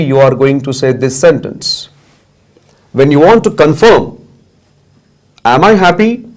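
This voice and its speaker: A man teaching a basic English lesson, speaking slowly and deliberately and repeating simple sentences for learners to echo. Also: mid-range voice, a little mellow. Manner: slow, deliberate, repetitive drilling. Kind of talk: classroom lesson with drills.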